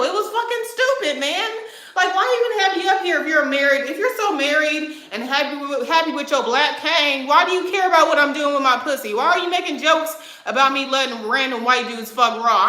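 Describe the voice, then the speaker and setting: A woman in her twenties vents on her vlog, brash, profane and defiant as she answers comments. Her voice sits a little high and comes across tense and cutting. The room around her rings with echo. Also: bright, forceful tone. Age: 20s. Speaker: vlogger answering viewer comments. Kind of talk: heated livestream rant. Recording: echoey room.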